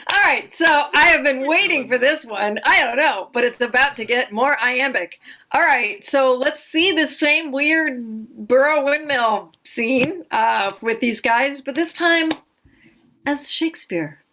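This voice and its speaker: Giggly lady running improv games, high bright voice, slow and easy. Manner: giggly, relaxed. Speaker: improv game host. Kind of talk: casual comedy hosting.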